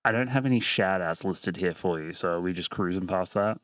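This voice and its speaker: A man's voice: low-pitched, a little fast, fairly bright tone, dry recording. An Australian man co-hosting a music podcast, laid-back and casual, laughing often and swearing offhandedly. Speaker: podcast co-host.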